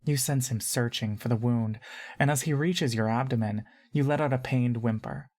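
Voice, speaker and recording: A woman narrating a fantasy audio story in the second person, calm and measured. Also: a bass voice.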